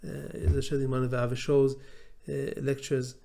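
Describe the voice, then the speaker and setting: A man's voice: mid-range voice, little pitch movement, normal speed, vocal fry, mellow. A man with an Israeli accent giving an unscripted lecture, blunt and hesitant, with many filler sounds.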